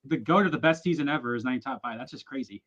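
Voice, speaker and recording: A man co-hosting a casual chat with excitable exclamations. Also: medium pitch, racing, dry recording. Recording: dull lo-fi sound.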